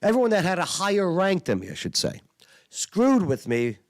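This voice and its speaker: A middle-aged man tells his army story in earnest, emphatic bursts, his pitch leaping and dropping as he goes. The sound is dry and close, with no room around it. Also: very animated, brisk, dry recording. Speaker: Army veteran vlogger. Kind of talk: prayer and personal war story.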